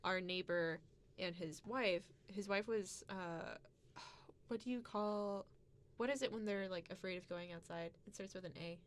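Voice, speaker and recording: A woman's voice: mid-range voice, normal speed. Giggly woman co-host telling a story. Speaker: podcast co-host. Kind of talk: casual chat.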